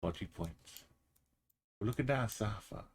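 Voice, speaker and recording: A man's voice: fairly low pitch, animated, unhurried, breathy edge. A man streaming a geography game, muttering and thinking aloud in casual commentary, sometimes humming to himself.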